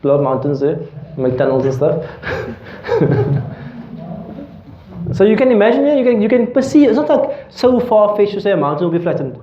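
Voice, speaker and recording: A man's voice: high voice, big pitch swings, normal speed, pauses often, slight background noise. A man teaching a classroom lecture. He explains with everyday examples and keeps checking that students are following. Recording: roomy, dull lecture-hall recording.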